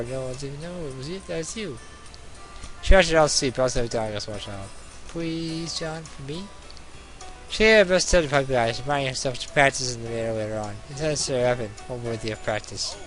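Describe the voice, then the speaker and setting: A young man hosting a let's play, reading a visual novel aloud and joking between passages in an animated way. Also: mid-range voice. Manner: animated, jumping between narration and jokes.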